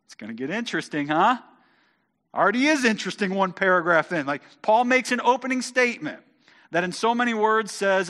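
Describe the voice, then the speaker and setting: Animated man reading and explaining scripture. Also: high-pitched, moderate pace. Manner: animated, often stammers on repeated words. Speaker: Bible teacher.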